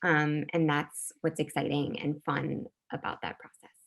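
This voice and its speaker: A woman teacher sharing her experience in a casual discussion. Her voice is very low with a gravelly fry. She talks loosely, with plenty of likes and ums. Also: level tone, measured pace. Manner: casual, filler-laden. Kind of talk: casual discussion on a video call.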